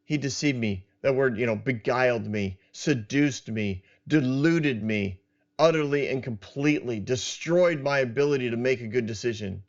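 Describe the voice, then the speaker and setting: A man's voice: mid-range voice, moderate pace, close to an everyday voice. Man voicing a defensive first woman. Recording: dull lo-fi sound.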